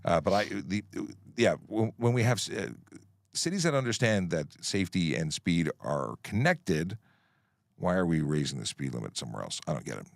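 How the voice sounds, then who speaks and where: A man's voice: low voice, very animated, moderate pace, gravelly, no echo, clean studio sound. A middle-aged man, a traffic police officer hosting a livestream Q&A, speaking firmly and plainly as he explains traffic rules. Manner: firm, plain-spoken, explains rules while scrolling comments. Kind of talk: livestream Q&A chat.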